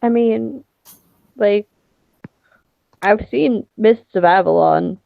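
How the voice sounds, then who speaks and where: A woman's voice: medium pitch, slow pace, gravelly, dry recording. A woman playing her character in a tabletop game, talking casually and hesitantly with many fillers. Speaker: tabletop player. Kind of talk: in-character role-play chat. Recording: tinny dry phone-like line.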